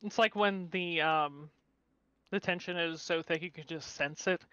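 Higher-voiced man, dull lo-fi audio. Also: measured pace, pushed and bright, clean tone, no room sound. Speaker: player. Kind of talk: casual chat at a tabletop game.

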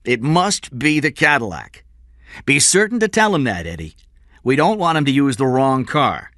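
A man's voice: mid-range voice, sing-song, normal speed, a bit bright, no room sound, clean studio sound, voice pushed up. A man reading aloud and voicing a hard-nosed male kidnapper who gives orders in a bossy, sarcastic way. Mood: commanding.

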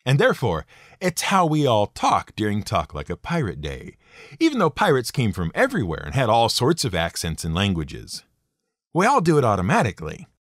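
A man's voice: lowish voice, wildly swooping pitch, normal speed, no room sound. A man narrating a scripted podcast episode in a wry, playful storytelling manner with dry asides. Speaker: podcast host.

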